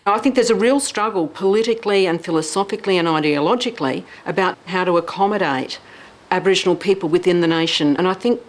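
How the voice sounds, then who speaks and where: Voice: mid-range voice, fast talker. An Aboriginal commentator speaking earnestly and reflectively in a documentary interview.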